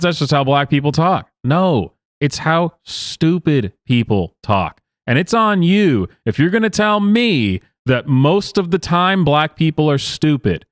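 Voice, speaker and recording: A man's voice: a little high, no room sound, studio quality. A man hosting a reaction show, sighing and rambling in exasperated commentary. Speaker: host reacting to clips.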